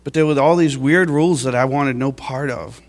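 A man's voice: mid-range voice, moderate pace. A man giving an emotional church testimony, heartfelt and at times tearful, laughing at his own past.

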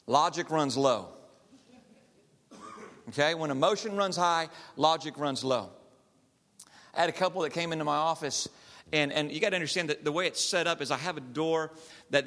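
A counselor whose voice is on the high side tells animated stories to a live audience, performing the people in them. The recording has a big-room sound.

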